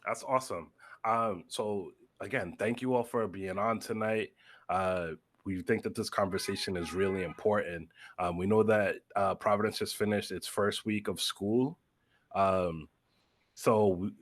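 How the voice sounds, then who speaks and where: Laid-back joking podcast host, man. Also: on the low side. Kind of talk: casual podcast chat. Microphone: video call.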